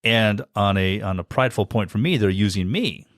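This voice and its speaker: Wry, low-voiced man in a studio. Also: moderate pace, a bit bright, no room sound. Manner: wry, self-deprecating storyteller. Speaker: college radio and audio program head, guest. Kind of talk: casual podcast conversation. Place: podcast studio. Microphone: studio mic.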